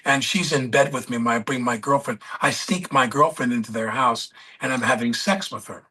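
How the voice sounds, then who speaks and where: A man as a podcast guest, telling rambling anecdotes and pausing to search for names mid-story. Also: medium pitch, bright, forceful tone, slightly rough.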